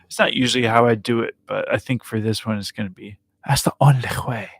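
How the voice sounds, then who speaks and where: A man's voice: lowish voice, level tone, quick pace, vocal fry, fairly bright tone, no echo, studio quality. Chatty man counting out rhythms. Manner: chatty and self-amused, counting rhythms aloud. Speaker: music teacher transcribing a piano piece for bass. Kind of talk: casual live music lesson.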